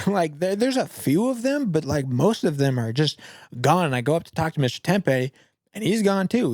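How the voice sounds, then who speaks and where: A young man rambles through casual game commentary and fills his speech with "like." His voice sits a little high. Faint music plays softly underneath. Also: no room sound. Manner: rambling, heavy use of "like". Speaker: gaming video creator.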